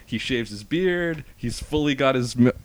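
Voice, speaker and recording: A man's voice: mid-range voice, normal speed, no room sound. A man co-hosting a podcast, casually recapping a movie plot with frequent laughs. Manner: animated storyteller, laughs often. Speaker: podcast co-host. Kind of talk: casual movie-review chat.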